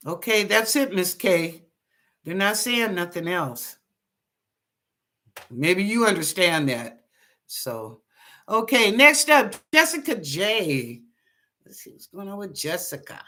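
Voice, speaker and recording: A woman's voice: mid-range voice, sing-song, slow pace, long pauses, sharp tone. A woman hosting a live psychic reading stream, chatting casually and greeting viewers one by one by name. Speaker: psychic reader and show host.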